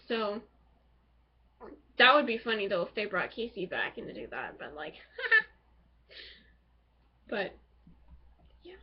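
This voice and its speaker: A woman casually reviewing a TV episode, excitable and rambling as she gushes over the characters. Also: mid-range voice, takes it slowly, pauses often, slightly rough. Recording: dull lo-fi home recording.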